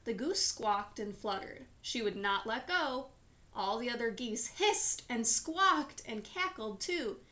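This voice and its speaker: A woman reading a children's chapter book aloud in a slow, clear storytelling manner. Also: a little high, animated, bright, forceful tone.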